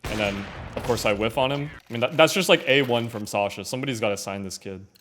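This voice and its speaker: A man's voice: mid-range voice, fast, a little hiss or hum. Young man commenting casually on a game. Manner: casual, many fillers, often trails off quietly. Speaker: gaming content creator.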